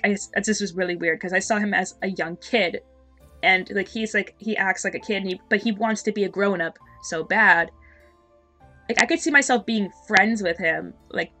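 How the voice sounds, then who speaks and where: A woman's voice: mid-range voice, fairly bright tone. A woman streaming a visual novel game, reading the story aloud and breaking off into chatty, giggly, teasing asides.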